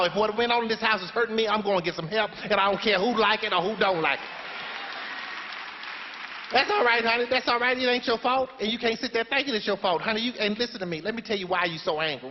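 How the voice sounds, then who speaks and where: A man's voice: high voice, a little hiss or hum, lightly acted. A man playing Madea, a sassy preachy grandmother. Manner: folksy, sermon-like, blunt. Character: sassy, preachy older grandmother giving blunt life advice. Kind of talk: stage play monologue. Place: theater stage before a live audience. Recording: dull live stage recording in a reverberant hall.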